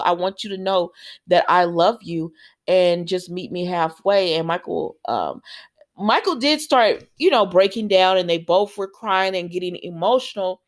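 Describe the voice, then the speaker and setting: A woman casually recapping a soap opera, retelling scenes in quoted dialogue with chatty asides. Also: fairly low pitch. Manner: laughs and exclaims at the characters.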